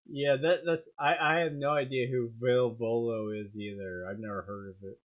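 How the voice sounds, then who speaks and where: A man's voice: medium pitch, steady tone, moderate pace, hardly any pauses. A man doing a comedic dramatic reading, with sardonic asides and laughter at the text. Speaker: streamer reading aloud. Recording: dull lo-fi stream audio.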